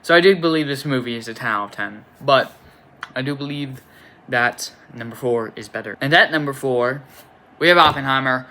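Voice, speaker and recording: Bright-voiced young man rambling about films. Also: mid-range voice, moderate pace. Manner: rambling and enthusiastic, with many fillers and restarts. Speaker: film reviewer. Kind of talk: casual spoken movie review.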